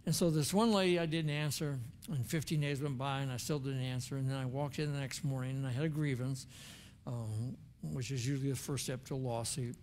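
A man's voice: mid-range voice, steady tone, fairly quick, darkish tone, slight background noise. An older man, a former chaplain, preaching a sermon in an earnest, conversational storytelling way with emphatic turns. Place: church sanctuary.

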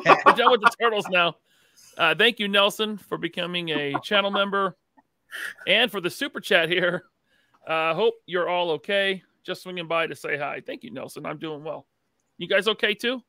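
A man's voice: sits high, normal speed, bright, forceful tone, no echo, clean studio sound. A man hosting a podcast, upbeat as he thanks viewers and reads their messages. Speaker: podcast host. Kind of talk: casual chat, reading viewer messages.

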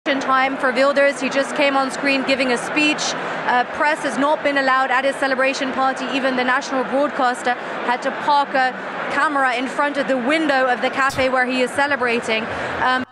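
A woman news reporter giving a measured live report outdoors in a city. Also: sits high, flat delivery. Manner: measured, informative. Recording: loud street noise outdoors.

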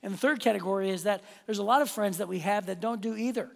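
Man, pastor, sermon, high voice, gravelly, echoing church hall, animated storytelling. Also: fast talker. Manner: animated, self-deprecating, addresses the audience directly. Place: church auditorium. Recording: long hall reverb.

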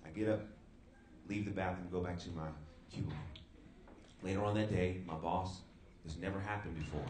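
Preaching at a live event in a church hall, this young Bay Area youth speaker shares a personal story and talks directly to the audience in asides. He speaks briskly in a low, slightly mellow voice with fairly even intonation, and the roomy recording picks up background noise.

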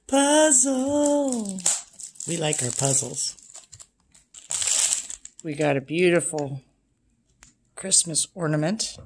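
A woman's voice: deep voice, slight background noise. A woman chatting casually at home in a vlog, narrating as she opens gifts and decorates a tree. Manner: sing-song baby talk to pets, then soft chatty narration. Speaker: vlogger.

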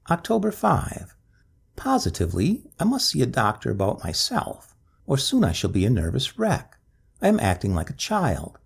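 A man's voice: medium pitch, gravelly, slightly rough. A man reading a ghost story aloud as scripted narration, with a dramatic, swooping delivery.

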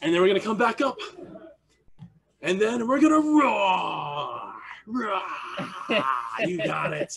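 A man teaches young children martial arts over a video call. His voice sits high and swings up and down with lively energy. He coaxes and praises the kids, hamming it up with silly animal noises. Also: normal speed, creaky, long pauses. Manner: playful, encouraging, makes silly animal noises. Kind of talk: energetic online kids' class.

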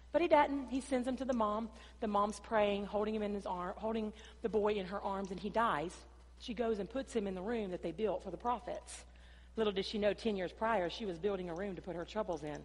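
A woman pastor preaching a sermon, swinging between loud, emphatic passages and quieter storytelling, sometimes acting out voices. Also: mid-range voice, brisk. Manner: preaching with dramatic rises and drops, acting out dialogue. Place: church sanctuary. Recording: long church-hall reverb.

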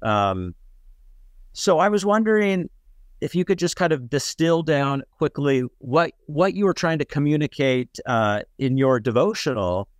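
Slow, smooth-voiced male interviewer. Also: a little high, expressive, no room sound, studio quality. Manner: unhurried, encouraging. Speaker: co-host asking questions. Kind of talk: interview questions.

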